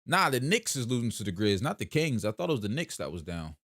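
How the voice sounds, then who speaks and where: A man's voice: medium pitch, sing-song, fast, fairly bright tone, dry recording, clean studio sound. A young man from South Jersey with a South Jersey accent, hosting a laid-back livestream and chatting casually as he answers comments. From South Jersey, USA. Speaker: livestream host. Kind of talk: casual live-stream chat reading comments.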